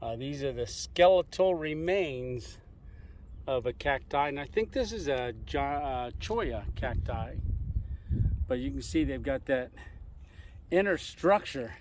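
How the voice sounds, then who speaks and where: A man's voice: medium pitch, expressive, measured pace, darkish tone. A man talking to his camera while hiking outdoors in desert hills, chatty and laughing often. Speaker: travel vlogger. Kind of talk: casual vlog commentary while hiking.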